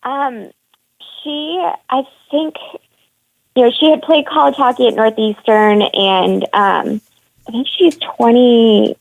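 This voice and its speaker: A woman's voice: on the high side, slow pace, creaky, no room sound. A woman calling in as a women's hockey reporter, talking frankly and with open frustration during a phone-in discussion. She sounds annoyed and opinionated. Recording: tinny phone line.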